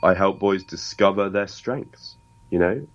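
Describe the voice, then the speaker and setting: Deep-voiced British man, emphatic coach. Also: a little slow, highs cut off, slight background noise. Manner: emphatic, motivational, earnest. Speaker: podcast host and life coach guest. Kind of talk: interview conversation.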